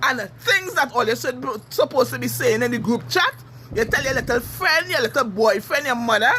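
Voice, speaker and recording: A Trinidadian woman giving a heated, cursing social media rant, furious and shouting at times. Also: high voice, expressive, normal speed, a little hiss or hum. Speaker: TikTok commenter.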